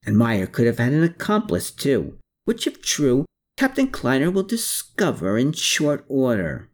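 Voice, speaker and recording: A man's voice: mid-range voice, huge pitch swings, measured pace, pitched above the performer's own voice. A man voicing a sneering army colonel who growls and snaps his orders in an audiobook. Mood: scornful. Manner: growling, snapping, scornful. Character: snarling, sneering middle-aged male army colonel. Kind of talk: audiobook character voice.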